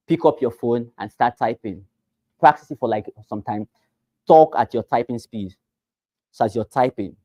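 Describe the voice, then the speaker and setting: A man teaching real estate agents, who talks fast and with emphasis and repeats phrases to drive them home. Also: medium pitch, a little mellow, no room sound. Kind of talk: teaching a class.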